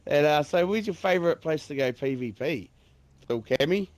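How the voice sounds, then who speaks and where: A man co-hosting a casual gaming podcast, joking and swearing in lively banter. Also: on the high side, moderate pace, no echo. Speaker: podcast co-host.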